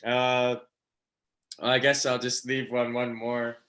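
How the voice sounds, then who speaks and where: A man's voice: medium pitch, little pitch movement, takes it slowly, fairly bright tone. A man doing a stand-up comedy set, rambling with lots of fillers and laughing at his own jokes. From Canada.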